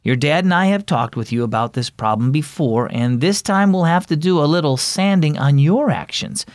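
A man voicing a mother who gently scolds her son in a children's story reading. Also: a little high, lively intonation, normal speed, no room sound, clean studio sound, pitched above the performer's own voice, lightly acted. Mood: firm. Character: firm but loving mother.

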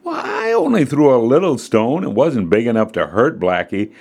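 A man's voice: medium pitch, wildly swooping pitch, moderate pace, vocal fry, a little mellow, pitched above the performer's own voice, exaggerated voice. A man voicing a young boy who makes whiny, defensive excuses for doing wrong, in a children's story reading.

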